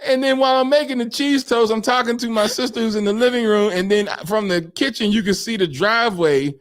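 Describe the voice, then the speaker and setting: A man co-hosting a podcast, telling a story in casual chat, animated, acting out quotes and laughing often. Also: very high-pitched, a little fast. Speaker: podcast co-host.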